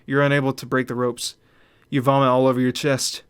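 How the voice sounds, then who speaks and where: A man's voice: mid-range voice, level tone, a little fast, smooth. A young man hosting a gaming channel, reading horror game text aloud dramatically and reacting in asides. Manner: reads narration dramatically, then reacts in asides.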